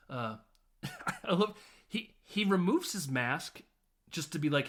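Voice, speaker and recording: A man's voice: mid-range voice, a little slow, pauses often. Laughing man animatedly recapping a film. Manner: laughing, profane, animated retelling with quoted lines. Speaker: podcast host.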